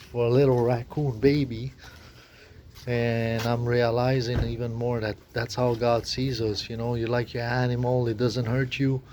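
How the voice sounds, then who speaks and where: A man rambling in halting, full of fillers and restarts, recorded outdoors near his tent. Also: medium pitch, a little mellow. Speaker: vlogger. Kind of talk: rambling spoken monologue. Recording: noisy outdoor recording with passing traffic. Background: outdoor ambience and vehicles.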